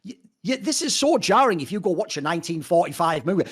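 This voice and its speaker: Rapid, animated man reviewing films. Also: high-pitched, slightly rough. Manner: animated, profane, rapid-fire opinions. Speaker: podcast host. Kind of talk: casual film review chat.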